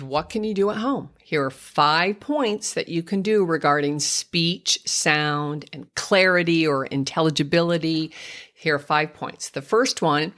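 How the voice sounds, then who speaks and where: An older woman, a speech therapist hosting a podcast, patiently explaining to parents how to help toddlers speak clearly. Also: sits low, a bit bright. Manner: patient, explanatory, slips into exaggerated child-directed speech when modeling. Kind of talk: instructive podcast talk to parents.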